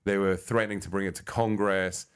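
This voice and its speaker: A man's voice: low voice, fairly even intonation, brisk, smooth. British man telling stories. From Britain. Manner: storytelling with quoted voices. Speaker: guest comedian. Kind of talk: casual interview chat.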